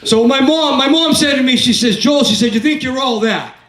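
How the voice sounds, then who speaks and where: A man's voice: very high-pitched, fairly quick, a bit bright. A man in his fifties doing a stand-up set in a comedy club, telling crude, rambling stories and working the crowd. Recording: echoey club, from a distance.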